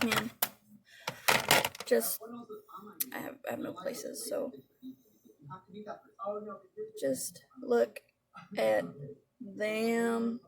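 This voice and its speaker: A woman's voice: on the high side, creaky. A woman chatting casually about her favorite makeup, rambling and swearing now and then. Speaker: beauty vlogger. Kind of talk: casual product review.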